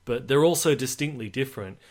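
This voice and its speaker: A man's voice: mid-range voice, fairly quick. Chatty man talking movies. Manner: chatty, animated, mocking. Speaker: podcast co-host. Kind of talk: casual film chat.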